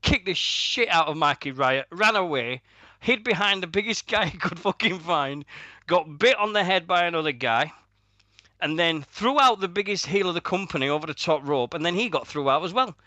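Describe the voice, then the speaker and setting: A man's voice: fairly high pitch, animated, normal speed, bright, forceful tone, no room sound. A British man co-hosting a wrestling radio show, rambling through stories with plenty of swearing and laughing at his own jokes. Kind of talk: casual podcast banter.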